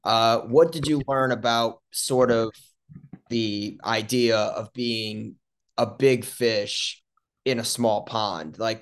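A man hosting an interview, asking questions in a halting way, searching for his words. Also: lowish voice. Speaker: interview host.

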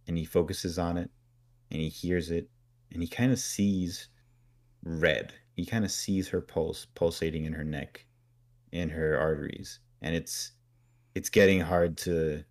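A man's voice: low-pitched, fairly even intonation. A man co-hosting a podcast, casually recapping a story and briefly acting out characters' lines. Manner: acts out characters' lines in quick put-on voices. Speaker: podcast co-host.

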